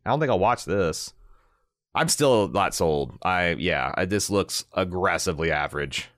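A man co-hosting a casual movie podcast, his voice sitting a little low but swinging widely as he rants. He swears freely and sounds animated. The sound is dry and close. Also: moderate pace, no echo. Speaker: podcast co-host.

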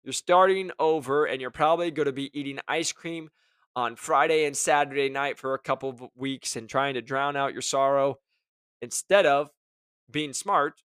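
A man hosting a casual motivational talk to his listeners, energetic and jokey, often acting out what other people say. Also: medium pitch, normal speed, smooth, no echo, studio quality. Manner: energetic, jokey, acts out quoted voices. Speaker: host.

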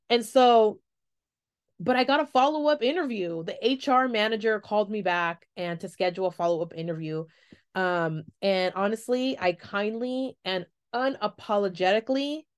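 A woman's voice: medium pitch, moderate pace. A young adult woman hosting a solo podcast, talking frankly and expressively, swearing freely and acting out what people said. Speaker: podcast host. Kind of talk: candid solo podcast monologue.

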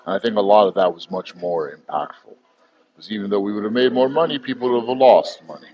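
A man's voice: lowish voice, fast, lo-fi sound. A man, talking bluntly and heatedly as an interview guest and swearing freely. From United States. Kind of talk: candid interview talk.

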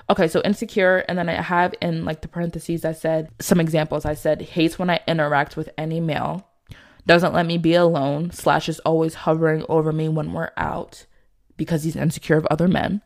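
A young woman talking casually to camera, reading from her notes and giving blunt dating advice with emphatic outbursts and lots of fillers. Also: vocal fry. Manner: emphatic, animated, swings from low asides to loud outbursts; chatty, many fillers and restarts.

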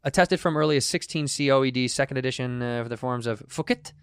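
A man's voice: mid-range voice, fast talker, clean tone, no room sound. Joking man on a dry mic. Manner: joking, swearing, laughs often. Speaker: podcast co-host. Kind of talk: casual banter reading articles aloud.

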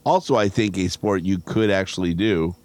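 Low-voiced man teasing on a podcast. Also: normal speed, darkish tone, no echo. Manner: teasing, laughs at his own jokes. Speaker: podcast co-host, timekeeper. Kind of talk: casual banter.

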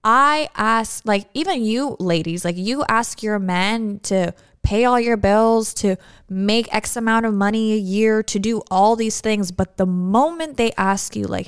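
A woman's voice: medium pitch, measured pace, few pauses, clean tone, no echo, studio quality. A young woman from Canada, co-hosting a podcast in casual, candid chat and telling stories with acted-out quotes. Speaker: podcast co-host.

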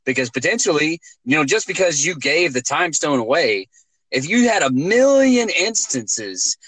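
Argumentative man, slightly high, dry sound. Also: a bit bright, no echo, rough recording. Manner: argumentative, speculative. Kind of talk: casual movie discussion.

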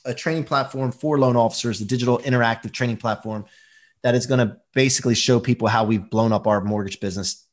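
A man guests on an interview, talking with punchy, motivational energy. He is emphatic and upbeat, with an ordinary mid-range pitch. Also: steady tone, fast talker. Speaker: guest, performance coach. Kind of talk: casual interview chat.

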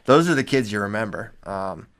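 A man who coaches high school wrestling, telling stories in casual podcast chat and laughing often. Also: fairly quick. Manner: animated storyteller, laughs often.

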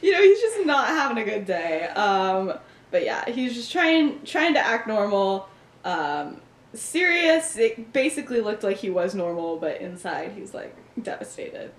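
A woman's voice: medium pitch, big pitch swings, a little slow. A young woman hosting a podcast, retelling a story in casual chat and animatedly acting out the characters' lines. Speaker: podcast host. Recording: echoey room.

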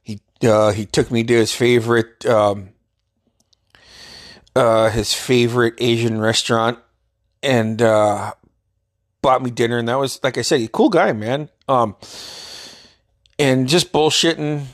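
A man's voice: mid-range voice, fairly even intonation, a little slow, long pauses. A man from Alaska telling a casual personal story, rambling and profane, often restarting his sentences and chuckling. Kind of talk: casual spoken anecdote.

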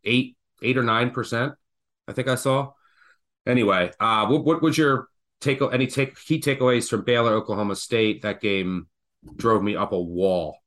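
A man hosting a casual sports betting podcast, telling stories in an animated, excitable way. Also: medium pitch, normal speed. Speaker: podcast host.

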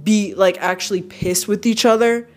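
A man's voice: high voice, normal speed. A man co-hosting a casual podcast chat, telling stories with frequent laughs and free swearing. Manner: laughs often, swears freely, animated storytelling. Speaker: podcast co-host.

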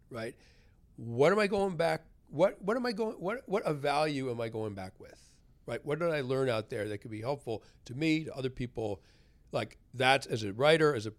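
A writer in an interview, telling a personal story with animated delivery and acted-out quotes. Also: male voice, mid-range voice. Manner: animated, acts out quoted voices. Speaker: guest, writer.

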